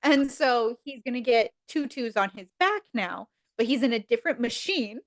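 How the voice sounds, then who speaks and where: Lively woman retelling scenes on a podcast. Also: on the high side, normal speed, no echo. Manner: animated storyteller, acts out quotes in voices. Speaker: podcast guest. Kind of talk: casual chat.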